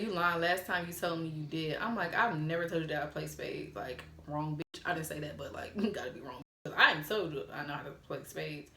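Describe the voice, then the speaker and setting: A woman's voice: lowish voice, a bit bright, a little hiss or hum. A young woman vlogger telling a story casually, blunt and frank, swearing freely and mimicking the texts she got. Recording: roomy echo.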